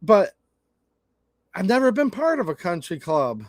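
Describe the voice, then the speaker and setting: A man's voice: high voice, sing-song, a little slow, no room sound, studio quality. A man hosting his own channel, talking bluntly and casually in a folksy way as he gives his opinions to camera. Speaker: channel host.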